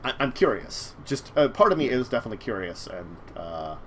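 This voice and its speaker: A man's voice: medium pitch, very animated, fairly quick, fairly bright tone. A man hosting a casual tabletop-gaming talk show, his voice in a middle range. He rambles a little as he thinks aloud, with faint noise behind him. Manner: rambling, many fillers and restarts. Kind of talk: casual chat about tabletop games.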